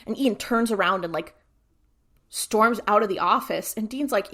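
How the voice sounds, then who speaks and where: A woman's voice: mid-range voice, normal speed. A woman co-hosting a podcast, casually recapping an episode and acting out the characters' lines with lots of "like". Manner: animated retelling, acts out character lines. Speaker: podcast co-host.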